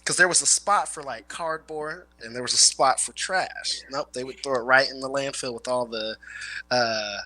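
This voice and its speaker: A man's voice: medium pitch, normal speed, sharp tone, no room sound, poor audio. A man with a rural Midwestern country twang, rambling through stories in casual chat and swearing freely. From Illinois/Indiana area. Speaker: guest, former garbage man.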